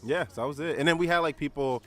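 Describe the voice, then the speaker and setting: A man co-hosting a podcast, telling a personal story in a relaxed, rambling way with lots of fillers. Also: fairly high pitch, fast talker, soft background music. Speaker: podcast co-host. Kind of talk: casual storytelling chat.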